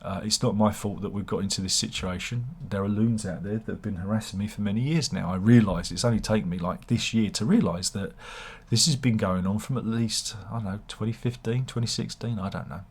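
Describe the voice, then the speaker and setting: A man with a husky voice, talking to camera in a rambling, sardonic and self-deprecating way, often restarting his sentences. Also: fairly low pitch, a little fast, hardly any pauses. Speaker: YouTuber.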